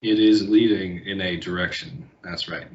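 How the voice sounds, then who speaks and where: A man narrating a tabletop game as game master, in an unhurried, halting way with pauses. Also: low voice, steady tone, echoey room, dull audio, a little hiss or hum.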